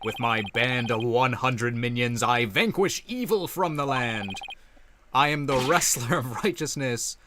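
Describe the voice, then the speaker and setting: A man doing a booming yokai lord, Nine Tails. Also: a little slow, noisy background, lightly acted. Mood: boastful. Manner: bombastic, laughing theatrically. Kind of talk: reading game lines aloud on stream.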